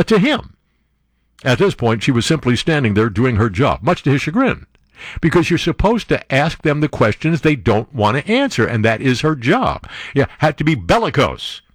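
Animated, wisecracking male news commentator. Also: mid-range voice, no room sound, clean studio sound. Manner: wisecracking, sarcastic asides, animated outbursts. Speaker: show host. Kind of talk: reading news with running commentary.

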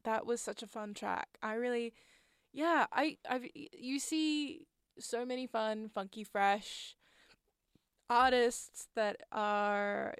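Slow, chatty woman radio host. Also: fairly high pitch, smooth, no room sound, studio quality. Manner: rambling, chatty, trails off and restarts. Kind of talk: casual radio presenting. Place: radio studio.

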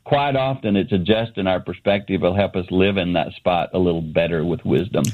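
A man's voice: deep voice, fairly quick. Earnest man on a tinny phone line. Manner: earnest storytelling with fillers. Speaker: guest, ministry founder. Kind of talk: phone interview on radio. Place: his office.

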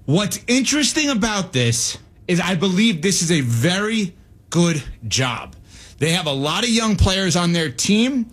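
A male sports radio host talks fast and animated, slipping into quoted asides. He sounds out of breath. His voice sits high for a man and has a husky, breathy edge.

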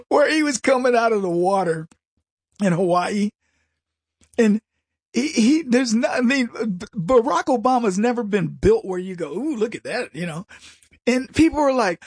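A man hosting a political talk radio show, ranting in an animated monologue with mocking put-on voices and frequent restarts. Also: high-pitched, moderate pace, husky, no echo, studio quality.

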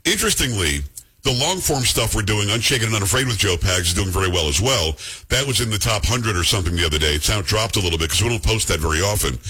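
A middle-aged man hosts his talk radio show from the studio, talking fast and bantering loosely with quick jokes. His voice is bright with a slightly husky edge. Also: lowish voice, animated. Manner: chatty, joking, quick asides.

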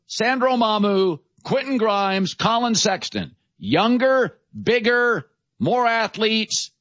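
A man's voice: sits high, fairly bright tone, no echo, muffled recording. A man hosting a sports talk show, making emphatic, punchy declarations.

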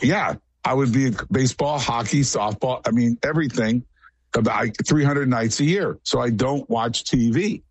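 A man's voice: mid-range voice, moderate pace, husky. Guy rambling on in a radio interview, matter-of-fact, dry close sound, no room echo. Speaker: guest.

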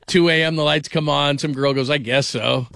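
A sports radio host with a slightly raised pitch rambles through stories and pokes fun at himself, laughing as he goes. The sound is close and dry, with no room around it. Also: fairly even intonation, moderate pace, creaky, bright, forceful tone, no echo. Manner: rambling, self-deprecating, laughs often. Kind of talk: casual sports radio talk.

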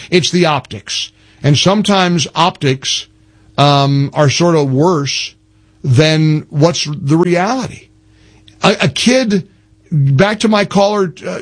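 An older man hosting talk radio in a slightly raised, pressing voice. He spells things out slowly and stumbles into quick restarts as he makes his points. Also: on the high side. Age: 60s. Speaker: radio talk show host.

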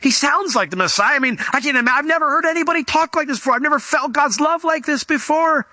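A man voicing a skeptical small-town villager, speaking in a high, excited, chatty way. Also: moderate pace, dry recording, heavily acted. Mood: amazed.

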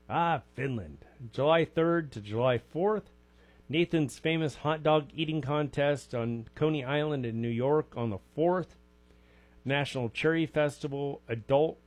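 Folksy radio host, rambling. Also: male voice, a little high. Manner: rambling, folksy, jokey asides. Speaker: radio swap show host. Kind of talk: casual radio chat.

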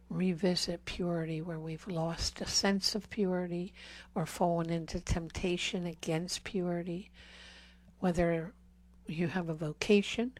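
A woman preaches slowly and earnestly at a healing service, delivering a Catholic talk to a congregation in a flat tone and a voice on the low side. She asks pleading questions over and over and whispers the key words.

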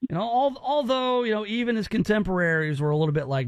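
A man's voice: high voice, quick pace, no room sound. A male radio host running a call-in game, teasing and bantering with energy.

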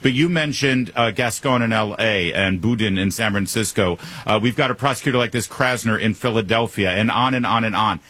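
A man's voice: lowish voice, brisk, hardly any pauses, a bit bright, husky, dry recording. A man hosting a talk radio show, interviewing a guest with emphatic opinions and frequent restarts.

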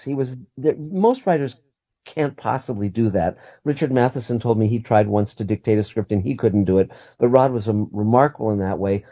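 A man's voice: mid-range voice, no room sound, lo-fi sound. A man guest on a call-in radio show, talking earnestly and often repeating and restarting his words.

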